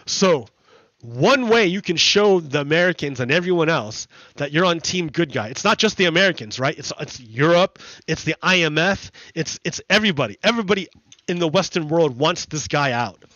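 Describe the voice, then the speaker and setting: Male streamer, casual rambling explainer, higher voice, dry close sound. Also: lively intonation, sharp tone, no echo. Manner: rambling, halting explanations with restarts. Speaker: livestreamer. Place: home streaming setup. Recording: dry, slightly dull home mic.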